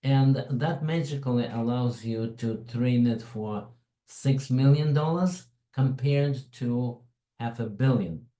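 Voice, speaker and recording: A man's voice: mid-range voice, slow pace, warm tone, echoey room, rough recording. A man with a foreign accent presenting a tech webinar in a chatty, digressive way, with frequent asides. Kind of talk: informal tech webinar talk.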